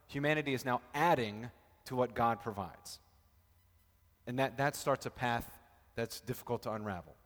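This is a man leading a relaxed Bible study, a pastor who chats and jokes with the group as he teaches. His voice sits at a middle pitch, and a long reverb from the big room trails each phrase. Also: normal speed. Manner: chatty, joking, talks with the group. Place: church room with a live group.

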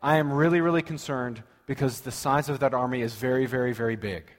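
A man's voice: mid-range voice, steady tone, brisk, long reverb tail, pitched below the performer's own voice, close to an everyday voice. A man voicing an anxious, self-absorbed king who rambles in a flustered, offhand way.

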